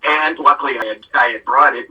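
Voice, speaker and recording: A man's voice: mid-range voice, fairly quick, husky, far from the mic, highs cut off. A middle-aged man hosting a casual talk show, rambling through stories and acting out what people said. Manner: rambling storyteller who acts out quotes. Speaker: show host.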